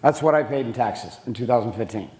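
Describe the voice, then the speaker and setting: A man's voice: medium pitch, fast talker, darkish tone. A middle-aged man giving a blunt, profane motivational business talk to a live audience, swearing freely and throwing questions at the room. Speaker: speaker teaching a room of men.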